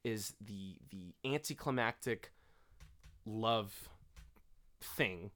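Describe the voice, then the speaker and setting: A young man in a relaxed podcast chat, venting with energy and plenty of swearing. He often drops into little mocking impressions of characters. His pitch moves around a lot as he gets worked up. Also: drawn-out words. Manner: animated, profane, quotes characters in mocking voices. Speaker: podcast co-host. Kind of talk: casual chat.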